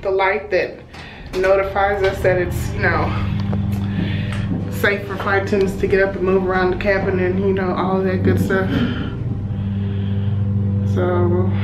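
A woman, chatting casually to viewers as a flight attendant vlogger and telling a story with animated asides. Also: lowish voice, low-quality recording. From Texas. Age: 30s. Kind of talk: casual vlog chat. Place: hotel hallway and room. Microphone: handheld compact camera.

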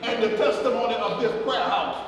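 A man, a pastor, preaching a eulogy sermon with animated storytelling and repetitions, recorded from a distance in a church sanctuary before a congregation. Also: very high-pitched, brisk, noisy background. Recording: echoey church hall recorded from far off, crowd audible.

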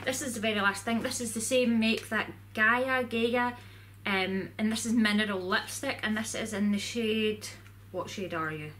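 A woman's voice: on the high side, moderate pace, a bit bright, a little hiss or hum. A woman vlogger chatting casually to camera in a rambling way, full of "like"s.

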